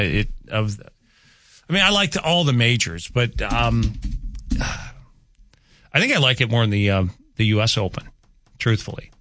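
A man's voice: on the low side, fairly bright tone, no room sound, studio quality. A man hosting a local radio talk show, chatting casually with callers in a rambling, self-correcting way. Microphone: studio microphone.

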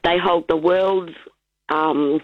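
A woman's voice: fairly low pitch, fairly even intonation, slow pace, no room sound. A woman in her fifties from England with a New Zealand accent, chatting as a caller on a phone-in and laughing easily. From England, Greater Manchester. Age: 50s. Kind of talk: casual phone-in chat. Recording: lo-fi phone line.

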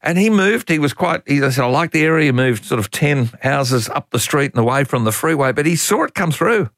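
Animated older Australian talkback host. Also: male voice, on the high side, fairly quick, no room sound. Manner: animated, exasperated, folksy opinionated talk with laughs. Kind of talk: talkback radio chat.

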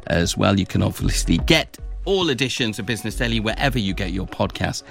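A man podcast host giving a brisk, polite sign-off to his show. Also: fairly low pitch, expressive, gravelly, a bit bright, faint music behind.

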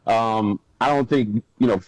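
A man in his thirties, a former football player, telling lively stories as an interview guest and acting out what others said. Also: on the low side, unhurried, no room sound, poor audio. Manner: animated storyteller who acts out quotes in a raised voice. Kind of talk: casual storytelling interview.

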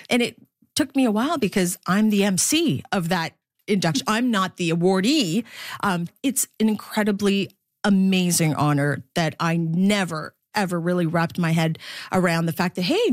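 A middle-aged woman from the Philippines, a sports broadcaster speaking candidly in an interview, laughing often and jumping high in pitch when quoting others. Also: no echo, clean studio sound.

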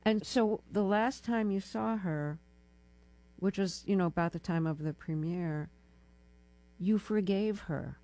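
Older female interviewer, warm low-key tone, asks careful probing questions in a studio. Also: a little slow. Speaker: radio interview host.

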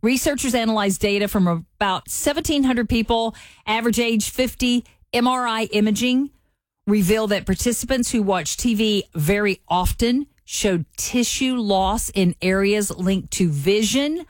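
A woman's voice: medium pitch, moderate pace, dry recording. Chatty folksy woman radio host. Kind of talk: casual morning show banter.

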